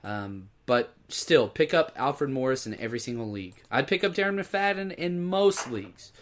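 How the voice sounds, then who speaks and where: A man in a middle register co-hosts a casual sports podcast. He sounds deflated and a little lost, letting his voice sag low and flat as he works through his fantasy picks. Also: moderate pace, a little hiss or hum. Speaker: podcast co-host. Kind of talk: casual fantasy football chat.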